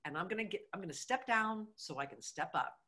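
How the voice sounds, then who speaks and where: A middle-aged woman, a former mayor, telling her story with emphatic, animated energy in a conversational interview. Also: mid-range voice, brisk.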